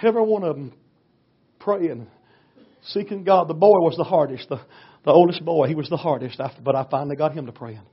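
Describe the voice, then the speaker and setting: A man, a pastor preaching a storytelling sermon in a folksy way, going from hushed to loud. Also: a little high, a little fast, breathy edge. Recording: dull lo-fi recording.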